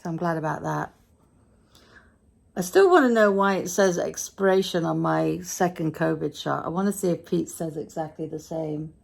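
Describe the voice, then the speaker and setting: Tired, gravelly British woman vlogging. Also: sits low. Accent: British English. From Britain. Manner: chatty, rambling, self-deprecating. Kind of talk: casual day-in-the-life vlog. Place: home.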